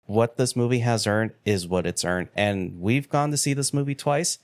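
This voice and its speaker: Smooth, low-voiced male podcast co-host. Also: normal speed, no room sound, studio quality. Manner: steady, explanatory, recapping claims. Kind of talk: casual chat.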